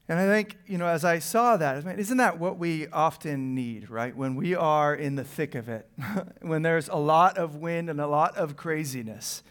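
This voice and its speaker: A man preaching a conversational sermon, dropping to hushed near-whispers and rising to urgent bursts, often tagging lines with "right?". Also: fairly high pitch. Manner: conversational preaching with frequent "right?" and "you know". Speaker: pastor.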